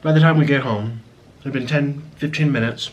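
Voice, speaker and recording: A man's voice: mid-range voice, moderate pace, dull audio. Man vlogging while eating. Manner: chatty and apologetic, talking between bites with a full mouth. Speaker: mukbang vlogger. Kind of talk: casual talk while eating on camera.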